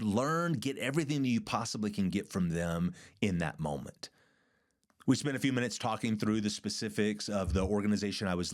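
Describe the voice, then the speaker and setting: A middle-aged man hosting a podcast, telling a leadership story in an earnest, emphatic way and repeating words for stress. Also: mid-range voice. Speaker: podcast host and church leader. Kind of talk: storytelling monologue.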